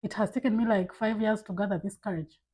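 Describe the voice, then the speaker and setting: A woman's voice: mid-range voice, fairly even intonation, fast, mellow, slightly rough, poor audio. A woman vlogging to camera in a casual, candid way, giving emphatic advice from her own life. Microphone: camera mic.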